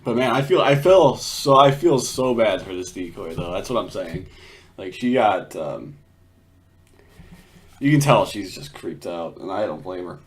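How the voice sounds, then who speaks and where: A man's voice: on the low side, lively intonation, a little slow. A man giving casual reaction commentary on a video, swearing freely, laughing often and restarting his sentences.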